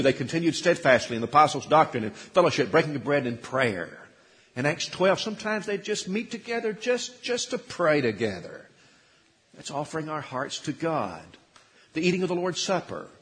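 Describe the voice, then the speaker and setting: A man's voice: on the high side, a bit bright, long reverb tail. A man preaching a sermon, quoting scripture and asking his congregation questions, rising to emphatic peaks. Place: church sanctuary.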